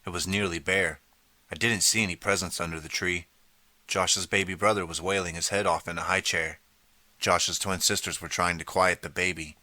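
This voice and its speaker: Male audiobook narrator, deep, bright edge, dry close sound. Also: little pitch movement, normal speed, no echo. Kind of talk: scripted first-person narration.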